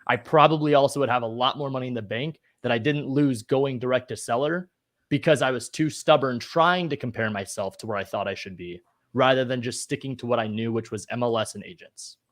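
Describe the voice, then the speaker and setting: A man's voice: medium pitch, a little fast. A man in his twenties talking casually and energetically as a co-host, coaching listeners. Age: 20s. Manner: energetic, motivational. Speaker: co-host, real estate agent.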